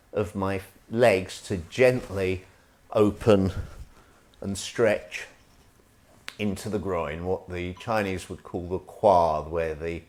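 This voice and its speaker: A man leading an online tai chi stretching class, calm and gentle with wry asides. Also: sits low. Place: indoors at home, live stream.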